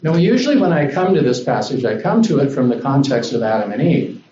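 A man gives a sermon in an easy, conversational style, and his voice lifts when he acts out the lines he quotes. His tone is mellow and warm. The recording is a little dull and roomy, with faint ambience behind him. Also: mid-range voice, fairly quick, far from the mic, slight background noise. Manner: conversational, animated when voicing God. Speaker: guest preacher.

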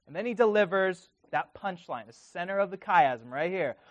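Male preacher, higher-pitched voice, earnest delivery, reads scripture with building emphasis, close dry sound. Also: sing-song, a little slow, no room sound. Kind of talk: sermon.

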